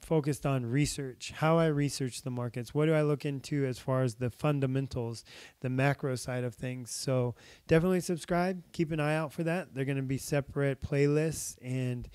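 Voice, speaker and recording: A man's voice: medium pitch, fairly even intonation, moderate pace, darkish tone, clear, resonant tone, no echo. A young man hosting a casual trading tutorial, talking through charts with many fillers while he is losing his voice. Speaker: crypto trading channel host.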